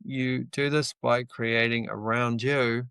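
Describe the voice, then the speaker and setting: A man's voice: mid-range voice, steady tone, takes it slowly, vocal fry, pushed and bright, smooth, no room sound. A middle-aged man from New Zealand with a New Zealand accent, giving an earnest, reflective motivational talk on a live stream, with the odd casual swear. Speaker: livestream host.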